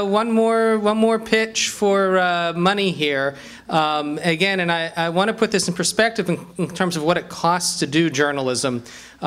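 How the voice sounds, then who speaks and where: A man's voice: fairly high pitch, fairly bright tone, smooth. A man emceeing a roast, making dry wisecracks between hesitant fillers. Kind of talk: joking emcee patter.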